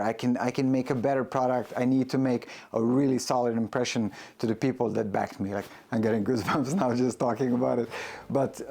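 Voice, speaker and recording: A man who runs a camera workshop, talking earnestly and haltingly to his backers in a casual vlog update, recorded indoors in his workshop. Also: mid-range voice, creaky, darkish tone. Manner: earnest, halting, with many restarts. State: emotional, close to tears. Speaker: camera maker and workshop owner.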